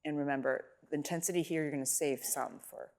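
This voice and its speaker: A woman's voice: deep voice, steady tone, quick pace. A woman teaching a violin masterclass, coaching a student with short encouraging cues and singing phrases to demonstrate. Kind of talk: coaching over live playing. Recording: loud violin and piano playing behind.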